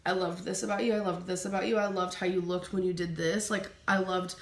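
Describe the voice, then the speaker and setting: A woman's voice: lowish voice, little pitch movement, fairly quick, gravelly. A woman hosting a casual chat with her partner, reading out viewer questions and answering them in a chatty way. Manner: chatty, reads out questions, laughs easily. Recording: echoey room.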